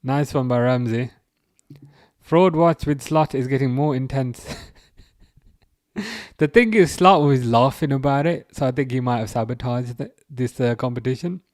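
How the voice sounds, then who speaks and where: Excitable man hosting a live watchalong. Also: mid-range voice, normal speed, no room sound, studio quality. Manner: excitable, laughing, stumbling restarts. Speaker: livestream host reading chat. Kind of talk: casual live football watchalong chat.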